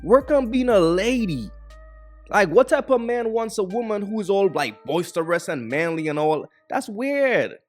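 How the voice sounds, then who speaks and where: A man hosting a reaction video, giving blunt, mocking, opinionated commentary on clips. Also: high-pitched.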